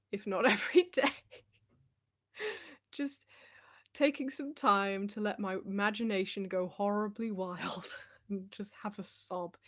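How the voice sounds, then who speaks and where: A young woman chatting casually on a livestream, rambling and laughing often as she talks. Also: medium pitch. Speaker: livestream host.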